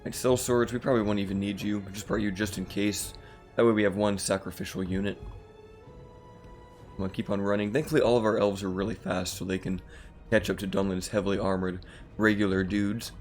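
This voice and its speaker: A man with a slightly rough morning voice, casually commenting on a strategy game as the channel host, relaxed and rambling with fillers. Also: on the low side, fairly quick, long pauses, soft background music.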